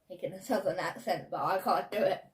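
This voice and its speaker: A woman's voice: on the low side, a little fast, roomy sound. A woman with an English accent chiming in with short, giggly asides during a reading.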